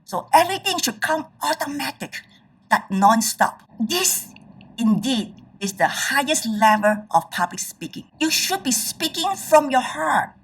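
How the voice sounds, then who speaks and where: A woman's voice: high-pitched, very animated, unhurried, fairly bright tone, slightly rough, recorded from a distance, poor audio. A woman giving a presentation on public speaking as a trainer. She speaks emphatically and keeps checking in with her audience.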